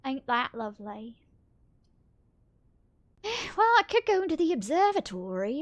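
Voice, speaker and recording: A woman's voice: sits high, very animated, a little slow, long pauses. A young woman streaming a video game, thinking aloud in a chatty, self-mocking way. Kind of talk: casual gameplay commentary.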